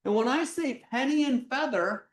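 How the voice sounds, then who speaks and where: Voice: sits high, normal speed. A middle-aged physics instructor leading a live virtual workshop from a large lecture hall, talking bluntly and casually with jokes. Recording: echoey hall, distant mic.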